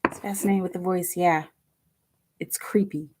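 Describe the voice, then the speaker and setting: A woman with a tired, bass-heavy voice, rambling chattily with many fillers as she gives a live online tarot reading. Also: steady tone, normal speed, heavy background noise. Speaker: tarot reader.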